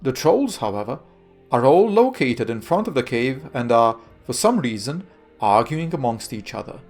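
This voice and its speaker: A man narrating as game master of a tabletop game, laughing often and filling pauses. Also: medium pitch, big pitch swings, soft background music. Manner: laughing often, hesitant fillers.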